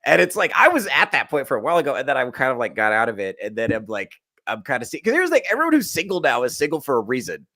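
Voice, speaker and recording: A male podcast host chatting casually in a manic, restless rush. His pitch leaps up and down all through his speech. The sound is dry and close, with no room around it. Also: very fast, hardly any pauses, no room sound. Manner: manic, animated, swears freely.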